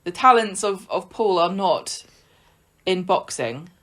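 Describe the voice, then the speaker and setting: A woman co-hosting a podcast, chatting casually about a soap and acting out characters' lines in quick asides. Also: lowish voice, animated, a bit bright. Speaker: podcast co-host. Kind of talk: casual chat recapping a soap.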